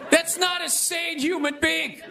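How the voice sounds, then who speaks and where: Brief: high-voiced man, exasperated stand-up host, live crowd laughing and noisy room. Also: steady tone, unhurried, gravelly. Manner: rambling, exasperated, loud bursts. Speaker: comedian hosting a show. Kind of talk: stand-up monologue. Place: stage before a live audience.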